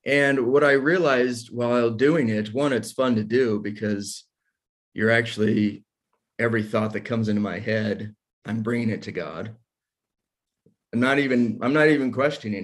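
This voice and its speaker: A man's voice: mid-range voice, normal speed. A man in his forties hosting a casual faith discussion, talking candidly and self-deprecatingly about his own struggles. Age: 40s.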